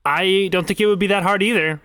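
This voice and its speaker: A man co-hosting a casual comedy podcast, agreeably playing along with his partner's bits. His voice is slightly high and smooth, with a clear resonance. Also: fairly even intonation, fast, bright, forceful tone. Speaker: podcast co-host.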